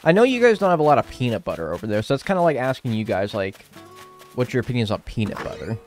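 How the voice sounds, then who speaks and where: A man's voice: mid-range voice, sing-song, quick pace, darkish tone, soft background music. A young American man streaming a game, chatting with his viewers in a playful, swearing, mock-arguing way. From United States. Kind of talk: casual chat while gaming, answering chat.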